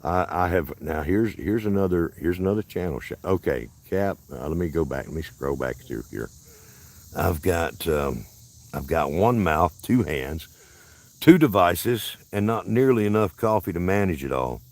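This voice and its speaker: This Southern-accented man from Alabama hosts a casual livestream chat outdoors at a park. His voice sits low and is a little mellow, expressive at a moderate pace, and his folksy talk rambles and interrupts itself.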